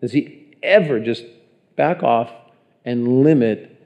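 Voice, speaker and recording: A man's voice: mid-range voice, takes it slowly, highs cut off. A man preaching a sermon in a conversational way, often putting questions to the congregation. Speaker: pastor.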